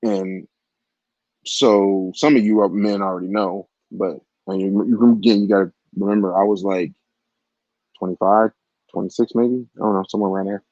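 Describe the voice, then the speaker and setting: A vlogger in his forties, with a lowish, mellow, steady voice at a moderate pace, rambles through a crude, raunchy personal story full of asides to the listener. The audio is dull, lo-fi and dry, with no echo.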